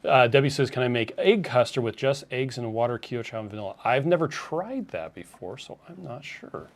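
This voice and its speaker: A man with a middle-pitched voice in casual live-stream chat. He reads viewer questions aloud in a relaxed way and answers them. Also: a little fast.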